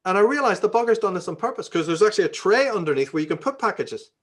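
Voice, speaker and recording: A man's voice: high-pitched, animated, fast. A man from Northern Ireland with a Belfast accent and a slightly raised voice. He is an interview guest telling stories in a loose, profane way. He slips into the voices of the people in his stories as he goes. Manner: profane, acts out quoted dialogue. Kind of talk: conversational storytelling.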